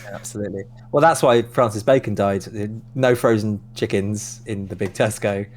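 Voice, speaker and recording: A man trading quick, sweary jokes as a contestant on a live show. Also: fairly low pitch, a little hiss or hum. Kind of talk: casual banter on a live show.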